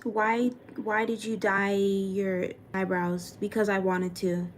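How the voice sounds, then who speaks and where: A woman's voice: medium pitch, level tone, slow, slight background noise. A young woman from Florida chatting casually on a live stream, reading viewer comments aloud and venting frankly with plenty of swearing. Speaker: livestreamer answering chat.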